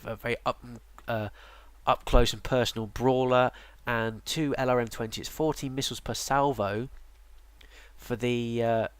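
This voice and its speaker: A tired man talks through a game guide in a loose, rambling way, stopping often for ums and restarts. His voice sits at an ordinary middle pitch. The recording is dry and close, with no room sound. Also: clean tone, no echo. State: yawning, tired. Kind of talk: casual game tutorial narration.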